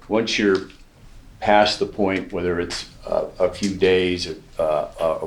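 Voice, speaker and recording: A man acting as attorney, asking a witness measured questions during a court trial, with occasional fillers. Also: deep voice. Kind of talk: direct examination.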